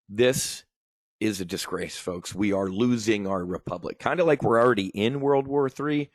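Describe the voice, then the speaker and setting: A man's voice: on the low side, a little slow, no echo. A man hosting a show, ranting bluntly and profanely about politics in casual talk, often calling his listeners folks. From United States. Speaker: podcast host.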